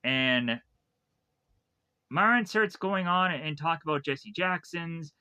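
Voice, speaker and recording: A man's voice: on the high side, expressive, slow, bright, forceful tone, clean tone, dull audio. A man casually retelling a film's plot for a review, rambling with lots of fillers and restarts. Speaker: film reviewer.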